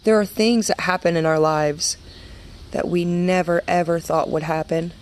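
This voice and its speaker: A woman's voice: lowish voice, fairly even intonation, normal speed, a little hiss or hum. A woman in her thirties giving a personal faith testimony in an earnest, conversational way, full of fillers and restarts. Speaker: women's ministry speaker.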